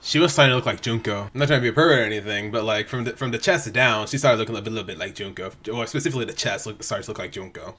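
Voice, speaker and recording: A man hosting an anime reaction video at home, talking casually and excitably, often restarting his sentences. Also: lowish voice, very fast, few pauses. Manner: excitable, rambling, frequent restarts and exclamations. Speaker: reaction channel host. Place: home room.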